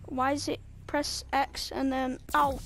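A woman's voice: sits high, steady tone, a little slow, heavy background noise. A woman hosting casual gameplay commentary, rambling with lots of fillers and blunt asides. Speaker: gameplay host. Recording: game music behind the voice.

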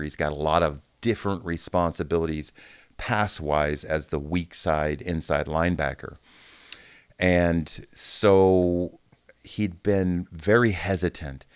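Deep-voiced man telling football stories. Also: clear, resonant tone, dry recording, clean studio sound. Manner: animated, profane storyteller who acts out quotes. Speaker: former pro football linebacker, interview guest. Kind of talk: casual interview storytelling.

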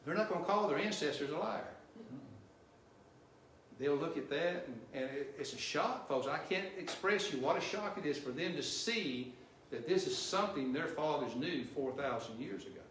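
A male missionary preacher delivering a sermon, quizzing the congregation with questions and growing loud and emphatic at his peaks. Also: a little high, expressive, normal speed, slight background noise. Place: church sanctuary. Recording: roomy church echo, distant mic.

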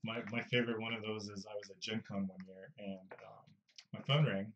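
A man's voice: fairly low pitch, steady tone, fairly quick, fairly bright tone, highs cut off, slight background noise. A man chatting casually during a streamed board game, explaining rules and telling joking stories. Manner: joking anecdote teller.

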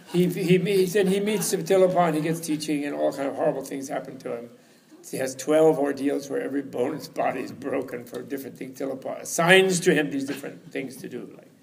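Gravelly man telling a rambling tale. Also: on the high side. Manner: rambling, chuckling storyteller. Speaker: lecturer. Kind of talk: informal teaching talk. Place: retreat hall.

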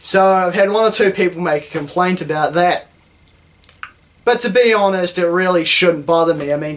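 A man's voice: on the high side, a bit bright. A young man from New Zealand with a New Zealand accent, ranting sarcastically and with lots of swearing in a satirical vlog. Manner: sarcastic, profane, mock-indignant. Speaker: YouTuber.

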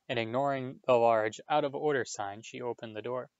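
A man's voice: mid-range voice, fairly even intonation, a little fast, few pauses, no echo, highs cut off. A man reading a children's novel aloud, plain storytelling that lifts for the dialogue. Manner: plain storytelling with small restarts, lifting his voice for dialogue. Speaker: audiobook reader.

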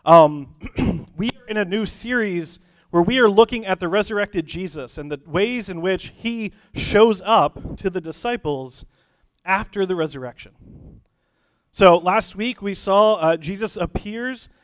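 A man with a high, smooth voice preaching a sermon in an easygoing, joking way. His delivery is casual and conversational, with small fillers along the way. The sound is close and dry. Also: a bit bright, dry recording. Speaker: pastor. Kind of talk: sermon with a told joke. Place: church sanctuary.

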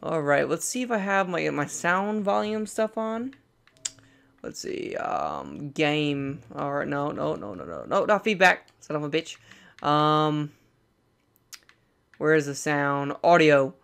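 A young man hosting a let's play, talking through a horror game and repeating words excitedly when scared. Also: a little high, slow pace, creaky, smooth. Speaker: gaming channel host.

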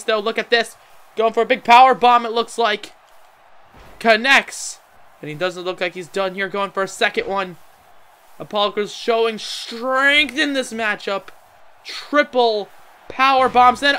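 A young man calls a wrestling video game match like a ring announcer, breaking into sudden shouted exclamations. His voice sits high for a man and rings bright and clean. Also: clear, resonant tone. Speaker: let's-play commentator. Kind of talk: play-by-play commentary.

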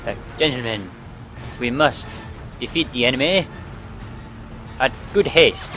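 A man's voice: mid-range voice, animated, measured pace, bright, forceful tone, soft background music. A man doing a brief, self-admittedly weak posh British impression of a pompous officer rallying troops. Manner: pompous, old-fashioned phrasing. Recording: noisy game audio behind.

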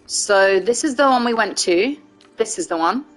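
A woman's voice: mid-range voice, animated, moderate pace, a bit bright, faint music behind, poor audio. A woman in her thirties with an English accent, chatting playfully while streaming a video game. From England. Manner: playful, trying out silly accents. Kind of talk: casual game stream chat.

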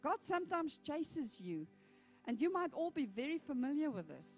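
Woman pastor, sermon, high voice, chatty storytelling, faint music behind. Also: normal speed. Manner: animated storytelling, conversational.

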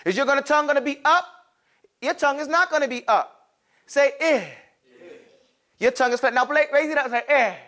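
Speaking fast in an extremely high voice, a male teacher walks a class through Arabic letters. He keeps things lively by calling on students, posing questions he sometimes answers himself, and dropping slangy asides.

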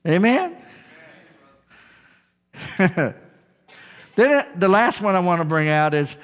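Male pastor, high voice, emphatic call-and-response sermon, church reverb. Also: sing-song, takes it slowly, pauses often, fairly bright tone. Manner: emphatic preaching with call-and-response, repeated phrases. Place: church sanctuary. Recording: long reverb of a church sanctuary.

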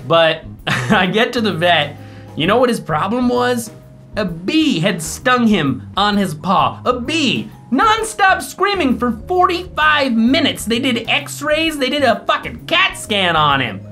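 A man talks straight to camera in a loose, rambling vlog, cursing freely as he acts out the people in his story. His delivery is animated and sarcastic. Faint music plays underneath. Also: very high voice, slow. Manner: animated, profane, mocking impressions. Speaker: vlogger.

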